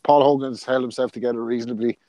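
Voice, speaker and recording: A man's voice: medium pitch, steady tone, fast, warm tone, no room sound, muffled recording. A man from Ireland co-hosting a podcast, speaking in easygoing casual chat with frequent fillers. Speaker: podcast co-host.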